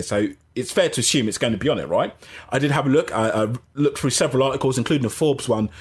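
A man hosting a casual gaming livestream, rambling and animated, often interrupting himself. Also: medium pitch, husky. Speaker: gaming channel host.

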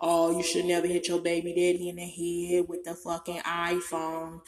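A woman comedian doing a loud, profane comic rant to an online audience, often breaking into laughter. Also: lowish voice, completely flat delivery, moderate pace, few pauses. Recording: roomy echo, distant mic, faint music behind.

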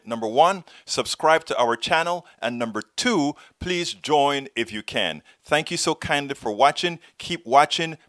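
A man's voice: mid-range voice, a bit bright, dry recording, clean studio sound. A male host giving opinionated political commentary in an emphatic, indignant way.

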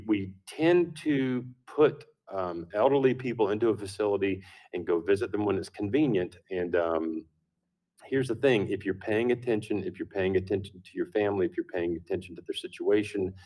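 A man hosting a talk radio show, speaking in an unhurried, thoughtful way with frequent pauses. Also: sits low, a little mellow.

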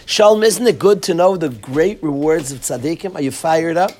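A man teaching a Torah lesson to a class of boys, animated and sarcastic, calling on students by name. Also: fairly high pitch, moderate pace.

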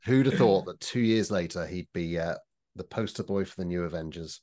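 A man co-hosting a casual panel podcast, giving measured critical opinions with frequent restarts. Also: low voice, warm tone. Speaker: podcast co-host.

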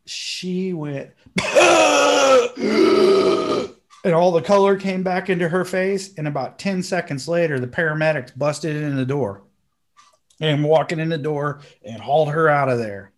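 Animated storytelling man, fairly high voice. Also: normal speed. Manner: animated, acts out quotes with sudden high bursts. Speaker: podcast co-host. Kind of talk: storytelling in casual chat.

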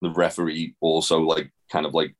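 Male podcast co-host, very low voice, loose and sweary recap delivery. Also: level tone, moderate pace. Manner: rambling, swears casually, many fillers. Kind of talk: casual wrestling review chat.

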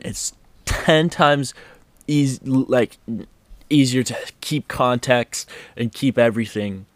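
A man's voice: mid-range voice, no room sound. A man hosting a casual podcast, rambling and swearing, with many restarts. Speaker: podcast host.

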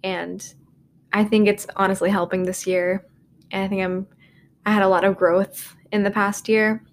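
A woman's voice: mid-range voice, little pitch movement, moderate pace, slight background noise. A woman in her twenties hosting a casual solo podcast from her dorm room, rambling and self-deprecating, with lots of "like" and "um". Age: 20s. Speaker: podcast host.

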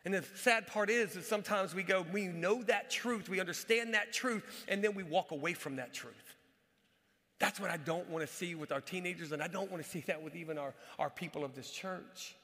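A man with a high, bright voice delivers an animated sermon, driving home his points by repeating them. He is recorded live in a church, with a long reverb trailing behind his words. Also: a little fast. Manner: animated preaching, repeats key phrases for emphasis. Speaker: pastor. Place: church sanctuary.

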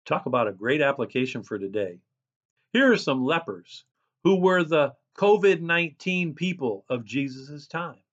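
A man preaching a sermon as a pastor, reading scripture and describing himself as a loud person. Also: on the high side, expressive, normal speed, dull audio.

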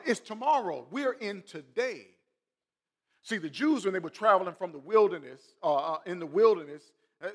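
A man, a pastor, preaching a sermon. He swells and drops in volume and talks straight to the congregation with questions. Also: high-pitched. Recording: long hall reverb.

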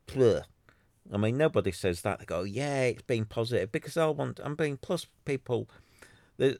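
A man with a fairly low voice, recorded without any echo, hosts a solo podcast about the free website he runs. He rants in an exasperated, sarcastic way, rambling and restarting often, and mocks other people by putting on silly voices.

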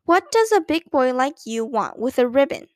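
A woman's voice: high-pitched, sing-song, moderate pace, no room sound, studio quality. A woman voicing a well-meaning mother who speaks in a coaxing, reasonable way.

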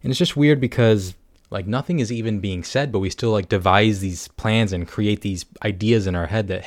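A man's voice: on the low side, a little fast, no echo, studio quality. Rambling, self-mocking young man podcasting. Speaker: podcast host. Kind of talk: casual solo podcast chat.

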